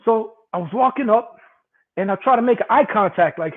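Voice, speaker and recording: A man's voice: high voice, lively intonation, moderate pace. A man casually telling a profane, rambling story with a lot of laughing. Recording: tinny phone-like line.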